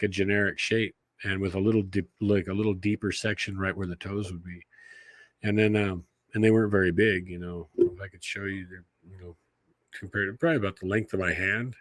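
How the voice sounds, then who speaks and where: Podcast guest, man, low voice, dry close sound, folksy rambling storyteller who swears easily. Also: no echo. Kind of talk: casual storytelling.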